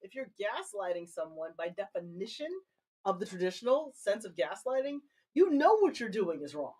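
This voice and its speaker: A woman's voice: mid-range voice, very animated, normal speed, darkish tone. A woman co-hosting a podcast in casual chat, explaining her point bluntly and cutting in on others. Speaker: podcast co-host.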